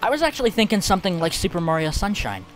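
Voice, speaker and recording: A man casually commenting while he plays a video game on stream, chatty and quick to laugh. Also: high voice, very animated, faint music behind. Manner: laid-back, chatty, laughs easily.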